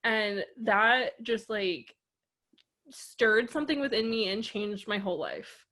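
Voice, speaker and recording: A woman co-hosting a casual podcast, talking in a loose, rambling stream. She fills nearly every phrase with "like" and keeps circling back to her point. Her pitch sits in the middle for a woman. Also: slow pace, bright, forceful tone. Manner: rambling storyteller, heavy use of "like". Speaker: podcast co-host.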